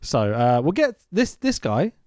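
A man's voice: on the high side, wildly swooping pitch, a little slow, darkish tone, no room sound, clean studio sound. A man co-hosting a podcast, recapping a film in casual chat, laughing, swearing and acting out scenes.

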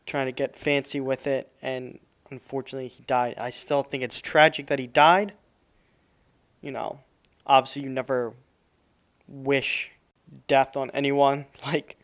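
This is a young man co-hosting a casual podcast. His voice is smooth and resonant at an ordinary pitch. He rambles loosely, full of hedges and fillers. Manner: rambling, hedging, with many fillers. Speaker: podcast co-host. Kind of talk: casual chat.

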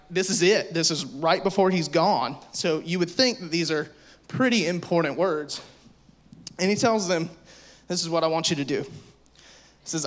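A man with a slightly high voice gives a youth sermon. He talks casually and with lots of energy, full of "like", and slips into quick acted-out voices to make his point. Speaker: youth pastor.

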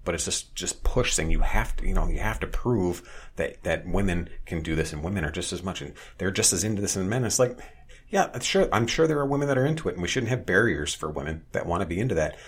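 A man's voice: sits low, fast, husky. A man chatting casually on a podcast, blunt and opinionated, swearing freely.

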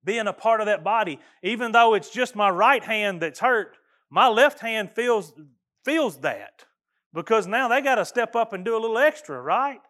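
A man's voice: sits high, animated, moderate pace, fairly bright tone. A middle-aged man, preaching a sermon as pastor in a folksy, earnest way, often restarting his phrases.

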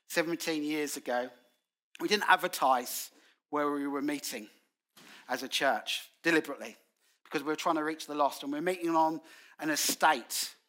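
Bright-voiced British man preaching a sermon. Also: a little high. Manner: animated storytelling with acted quotes. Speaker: guest preacher. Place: church.

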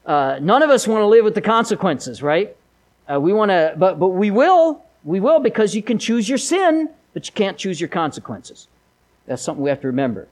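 A man's voice: high-pitched, sing-song, fairly quick, rough recording. A man preaching a sermon, mixing folksy stories with emphatic appeals. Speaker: pastor.

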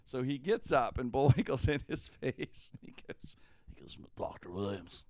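A man's voice: medium pitch, lively intonation, normal speed, a little mellow, no echo. A middle-aged man hosting a podcast, telling a casual anecdote animatedly and laughing often. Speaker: podcast host. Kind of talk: casual storytelling.

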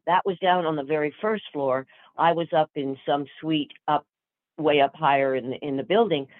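An older woman, an actress guest, telling chatty stories in a lively way with many fillers. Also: deep voice, normal speed, no echo. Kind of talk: storytelling interview answers. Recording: tinny phone-like line.

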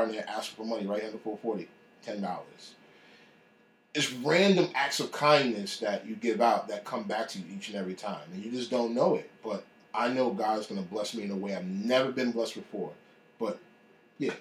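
Recounting his own faith journey in a relaxed manner, a man speaks with animation and imitates the voices of those he quotes. He talks at a moderate pace in a lowish voice, and the room is echoey.

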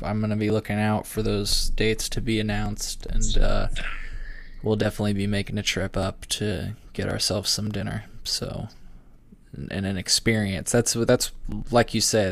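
Casual low-voiced male podcast host. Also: moderate pace, gravelly, dry recording. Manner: animated storytelling, swearing, acting out quotes. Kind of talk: casual chat.

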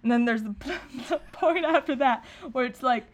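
Speaking at a moderate pace in a high voice, this young podcast co-host makes casual chat that comes across as nervous. She rambles, fills pauses, restarts her sentences, and laughs a lot.

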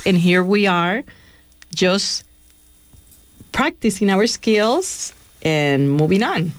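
Woman, radio co-host, low voice, earnest and encouraging, dry studio sound. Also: lively intonation, slow, pauses often, no echo. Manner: earnest and encouraging, addressing listeners. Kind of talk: casual radio chat.

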